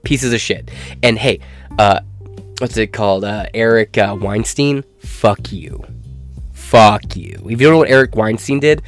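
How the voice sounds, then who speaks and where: A man's voice: fairly low pitch, normal speed, soft background music. Crude, ranting male commentator. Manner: crude, profane, sneering.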